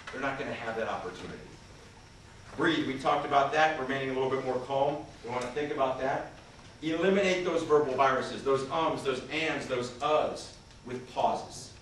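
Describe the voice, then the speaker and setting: A man's voice: mid-range voice, fairly bright tone. Man lecturing in an echoey hall. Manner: interactive, questions the audience, demonstrates points. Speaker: communication skills trainer. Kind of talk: seminar presentation. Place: large conference hall. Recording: echoey hall, voice far from the mic, faint noise.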